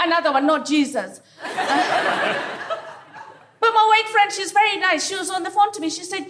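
A woman from Africa doing a live stand-up set on a theatre stage, delivering deadpan punchlines and teasing the crowd. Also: extremely high pitch, slow pace, pauses often. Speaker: stand-up comedian.

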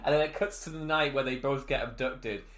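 A man co-hosting a film podcast in casual chat, animated and laughing often as he recounts scenes. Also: mid-range voice, a little fast. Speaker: podcast co-host.

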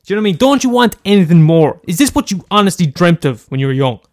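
A man's voice: high-pitched, very animated, quick pace, darkish tone. A young Irish man performing a radio host in a comedy sketch, ranting profanely with many restarts.

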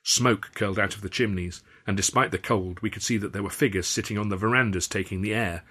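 A man's voice: fairly low pitch, steady tone, fast talker, fairly bright tone, breathy edge. A man reading his own first-person story aloud in a wry, dry storytelling manner. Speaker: author and reader.

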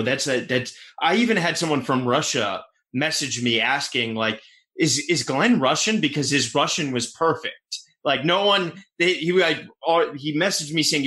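A man's voice: mid-range voice, fairly bright tone. A man interviewing a guest, asking loose, enthusiastic questions with many fillers. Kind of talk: casual interview chat.

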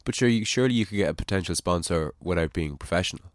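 Deep-voiced Irish podcast host. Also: male voice, animated, racing, no echo. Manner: probing, chatty, swears casually. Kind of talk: casual podcast conversation.

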